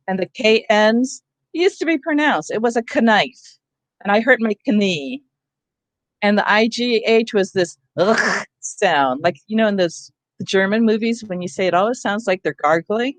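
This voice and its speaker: A woman's voice: mid-range voice, animated, moderate pace, no echo. A woman leading a teacher training session on reading, explaining in a conversational way and often checking in with her listeners. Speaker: literacy trainer.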